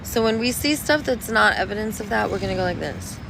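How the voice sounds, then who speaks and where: A woman's voice: mid-range voice, fast talker, gravelly. A woman giving a rambling, playful monologue outdoors on a city street, now and then breaking into sing-song. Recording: street traffic noise behind. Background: passing cars.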